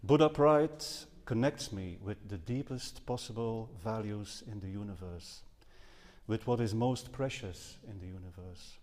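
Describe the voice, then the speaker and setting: Earnest low-voiced man in a reverberant hall. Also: unhurried, darkish tone. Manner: earnest, with some hesitations and self-correction. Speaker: Buddhist speaker. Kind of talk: dharma talk to a live audience. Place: seminar house hall.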